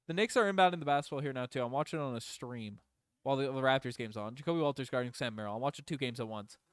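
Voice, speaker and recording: A young man doing partisan fan play-by-play for a livestream, rattling off plays and breaking into loud, emotional outbursts. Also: mid-range voice, no room sound, studio quality. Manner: partisan, swings between rapid calls and loud outbursts. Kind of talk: excited fan play-by-play commentary.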